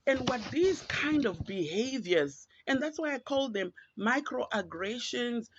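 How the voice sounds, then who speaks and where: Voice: medium pitch, animated, unhurried, breathy edge, no room sound. A podcast host from Zimbabwe, with a Zimbabwean accent, giving earnest, reflective and pointed solo commentary. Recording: dull lo-fi, dry.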